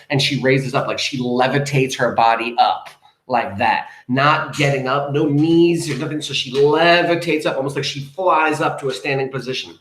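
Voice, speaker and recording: A man's voice: medium pitch, moderate pace, echoey room, rough recording. A man teaching a lesson, reading a poem aloud and explaining it in a chatty, enthusiastic way. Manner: chatty, enthusiastic, shifts between soft reading and excited asides.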